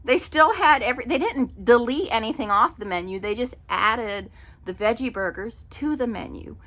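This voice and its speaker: A middle-aged woman telling a story in an exasperated, animated casual rant with many fillers. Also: on the high side, moderate pace. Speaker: vlogger. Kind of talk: casual ranting monologue.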